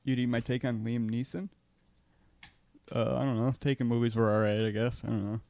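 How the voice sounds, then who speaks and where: A man's voice: medium pitch, little pitch movement, fairly quick, darkish tone, no room sound. A man co-hosting a casual podcast, laid-back, laughing often and swearing freely. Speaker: podcast co-host. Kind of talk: casual chat.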